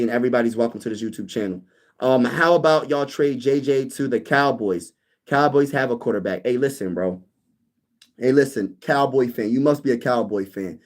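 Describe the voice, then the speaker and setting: A young man hosting a casual sports live stream, reading viewer comments and bantering back with lively energy. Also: mid-range voice. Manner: animated, reads chat comments aloud and banters. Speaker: sports YouTube host.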